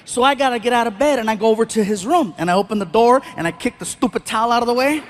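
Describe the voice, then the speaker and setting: High-voiced man doing stand-up. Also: racing, a little hiss or hum. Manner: animated, sound effects and voices. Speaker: stand-up comedian. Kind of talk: stand-up comedy storytelling. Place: live comedy stage.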